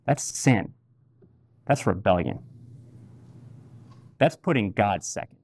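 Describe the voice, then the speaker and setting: A man's voice: lowish voice, lively intonation, takes it slowly, a little mellow. A man preaching a sermon, telling a personal story candidly and repeating key phrases for weight. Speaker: pastor.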